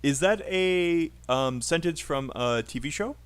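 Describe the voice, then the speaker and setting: A man's voice: on the high side, expressive, a little slow, smooth. A man teaching a live online English speaking class, patiently coaching a student's pronunciation.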